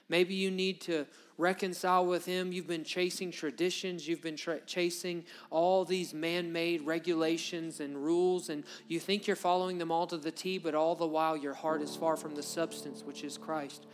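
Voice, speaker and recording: A middle-aged man preaching a sermon as pastor, building to loud, fervent peaks on his key points. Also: on the high side, steady tone, normal speed, hardly any pauses. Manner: impassioned preaching, swells louder on key points.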